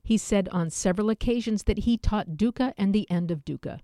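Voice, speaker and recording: A woman narrating a nonfiction book in a measured, explanatory way, dropping in dry, wry asides. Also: mid-range voice, dark tone, no echo. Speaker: audiobook narrator. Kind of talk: scripted nonfiction reading.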